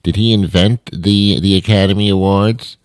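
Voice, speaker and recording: A man's voice: sits low, steady tone, moderate pace, smooth, dry recording, lightly acted. A man voicing a clueless young millennial listener who asks naive, gushing questions.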